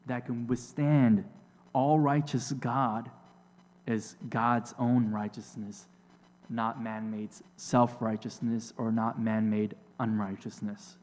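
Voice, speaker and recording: Slow, deliberate preacher man in a reverberant hall. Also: medium pitch, a little mellow. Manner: slow, deliberate preaching with emphatic repetitions and rhetorical questions. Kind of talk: sermon.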